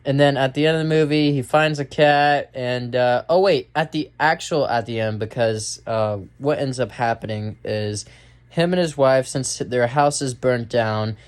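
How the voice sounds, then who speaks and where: A man's voice: medium pitch, moderate pace, clear, resonant tone. Rambling young man reviewing a film. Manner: rambling, many fillers and restarts. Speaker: movie reviewer. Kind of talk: casual spoken film review.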